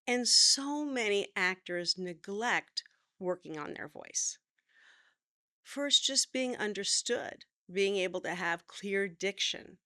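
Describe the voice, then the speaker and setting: A middle-aged woman acting teacher explaining voice work in a relaxed, conversational way. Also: medium pitch, no echo, studio quality. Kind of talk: talking to camera, teaching.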